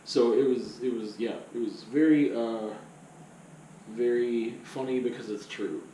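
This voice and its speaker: A man's voice: mid-range voice, measured pace, warm tone, reverberant. A man rambles through a loose, conversational vlog monologue, piling up fillers and asides. He sits some distance from the microphone. A faint ambient hiss hangs under the voice. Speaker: vlogger.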